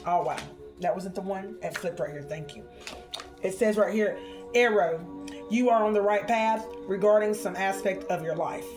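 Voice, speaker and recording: A woman doing a spiritual card reading for her viewers, expressive and chatty, calling them honey and y'all. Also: medium pitch, normal speed, music in the background.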